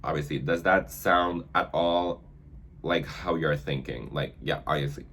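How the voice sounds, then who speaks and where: A man's voice: very deep voice, steady tone, unhurried, a bit bright, a little hiss or hum. A man chatting casually through a makeup tutorial, filling his talk with "like" and stumbling whenever he reads aloud. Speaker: makeup vlogger.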